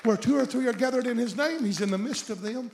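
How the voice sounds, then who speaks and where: A man with a high voice preaches a sermon in a sanctuary with a long reverb trailing each phrase. He questions the congregation directly and builds his lines up into shouts at the climaxes. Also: quick pace, creaky. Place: church sanctuary.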